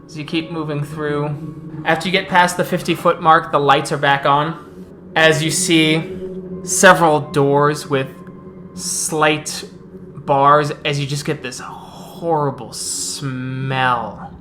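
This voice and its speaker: A woman's voice: deep voice, fairly even intonation, slow pace, fairly bright tone, slight background noise. A woman acting as storyteller, narrating a tabletop horror game with descriptive, dramatic pacing.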